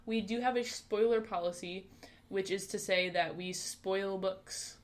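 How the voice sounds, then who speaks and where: A woman's voice: mid-range voice, fairly even intonation, measured pace. Giggly woman co-hosting a book podcast. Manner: giggly, joking. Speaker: podcast co-host. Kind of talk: casual book podcast chat.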